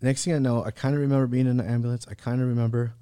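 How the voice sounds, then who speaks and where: A man's voice: medium pitch, level tone, rapid-fire, warm tone, smooth, dry recording. A man in his thirties telling a personal story as a podcast guest, casual and slangy, full of "bro" and "like". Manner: laid-back slangy talk, many "bro" and "like".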